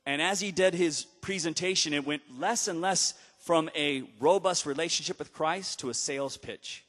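A man preaching a storytelling sermon, swinging between emphatic exhortation and hushed retelling. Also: a little high, normal speed. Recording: long hall reverb.

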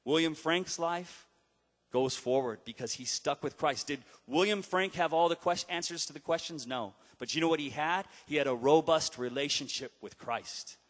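A man delivers a sermon as a story, slipping into the voices of the people he describes. His voice sits a little high for a man. The sound carries the long reverb of a large hall. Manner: storytelling preacher, dramatic pauses and acted quotes. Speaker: pastor.

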